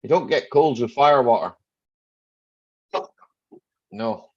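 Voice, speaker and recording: A man's voice: mid-range voice, expressive, takes it slowly, a little mellow. A middle-aged Scottish man hosting a casual live chat from home, greeting viewers by name and joking. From Scotland. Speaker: live stream host. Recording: slightly dull lo-fi live stream audio.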